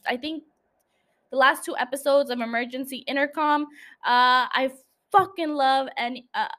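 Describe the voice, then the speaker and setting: Young female podcast host, high-pitched, chatty, profane, quick to laugh. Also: fairly bright tone. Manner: chatty, swears freely, laughs often. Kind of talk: casual solo podcast chat.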